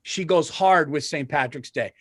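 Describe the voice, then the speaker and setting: Animated man telling stories on a podcast. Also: fairly high pitch, moderate pace, no echo, studio quality. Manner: animated storytelling, swearing, frequent restarts. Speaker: podcast co-host. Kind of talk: casual comedic chat.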